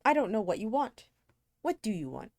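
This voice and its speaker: A callous young man, aloof and bored, read by a woman, with a mid-range voice and slow, languid lines. The sound is dry and close-miked. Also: mid-range voice, very animated, darkish tone, no room sound. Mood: defensive. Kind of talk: amateur read-aloud of a novel.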